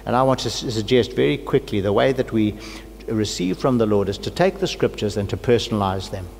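A man's voice: on the low side, a little fast, vocal fry, darkish tone. A middle-aged man who is a pastor, preaching a personal sermon with earnest, fervent prayer and a cold. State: has a cold. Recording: long hall reverb, faint hum.

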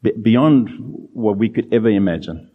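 A man preaching a sermon in an earnest, emphatic way, drawing out key phrases slowly. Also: on the low side, husky, big-room sound, phone-quality sound.

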